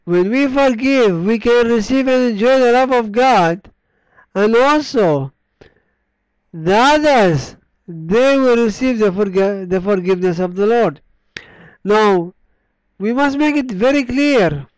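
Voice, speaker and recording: High-voiced, slow-preaching man. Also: animated, clear, resonant tone, dry recording, low-quality recording. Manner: slow, deliberate preaching with long pauses and falling line endings; reads scripture aloud in an earnest tone. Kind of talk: sermon.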